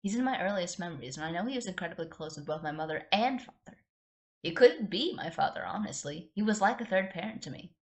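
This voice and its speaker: Woman reading a proud green-skinned young woman, earnest and a bit low. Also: lively intonation, fast talker, close to an everyday voice.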